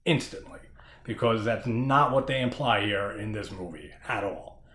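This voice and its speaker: A man's voice: lowish voice, normal speed, fairly bright tone, reverberant, slight background noise. A man giving a casual horror movie review who laughs often, swears casually and rambles.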